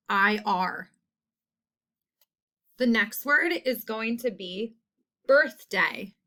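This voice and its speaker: A woman's voice: fairly high pitch, fairly bright tone. A woman teacher giving a phonics lesson who spells out each sound and repeats every word in a short model sentence. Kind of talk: slow, deliberate phonics lesson.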